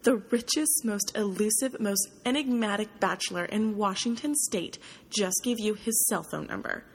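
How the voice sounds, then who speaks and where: A woman reading an audiobook, voicing a bossy, forceful young woman journalist with an emphatic, pushy delivery. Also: on the low side, lively intonation, moderate pace, breathy edge. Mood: excited.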